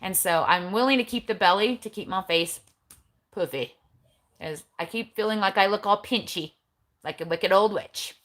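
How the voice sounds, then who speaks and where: A woman's voice: medium pitch, moderate pace, fairly bright tone. A middle-aged woman chatting casually on a livestream recorded on her phone, blunt and chatty with eye-rolling asides. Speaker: keto vlogger.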